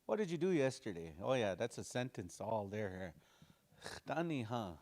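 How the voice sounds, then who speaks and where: A man teaching a language class in a relaxed way, repeating phrases slowly and making jokey asides. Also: on the low side. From Dakota community.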